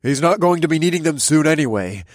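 A callous male kidnapper shrugs things off in a raised, loud voice, voiced by a man. The tone is husky and offhand. It is an audiobook figure. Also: on the high side, animated, fast, no room sound, clean studio sound, voice pushed up. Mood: dismissive.

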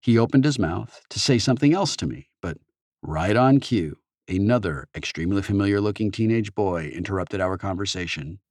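A man narrating an audiobook in the first person with expressive storytelling. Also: fairly low pitch, a little fast, no echo, clean studio sound.

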